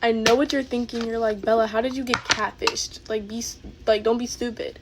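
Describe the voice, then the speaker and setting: A woman's voice: on the high side, steady tone, brisk, heavy background noise. A woman in her twenties telling a get-ready-with-me storytime in a chatty, filler-heavy way. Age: 20s. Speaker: YouTuber.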